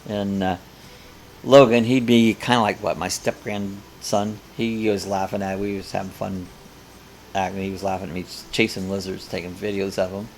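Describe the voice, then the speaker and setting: A man's voice: deep voice, flat delivery, moderate pace, a little hiss or hum. An older man hosting a live coffee chat, casually reading viewer comments aloud and rambling between them.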